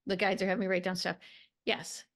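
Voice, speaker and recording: Woman, spiritual coach, podcast co-host, calm, affirming, mid pitch. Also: brisk. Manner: calm, affirming, speaks of guides and the divine. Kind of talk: coaching conversation.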